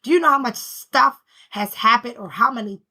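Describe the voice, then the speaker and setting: A woman's voice: fairly high pitch, moderate pace, bright, forceful tone. A woman giving a casual spiritual self-help talk in an emphatic, slangy, repetitive style. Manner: emphatic, repetitive, preacher-like rhythm; conversational, slangy. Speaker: spiritual healing vlogger.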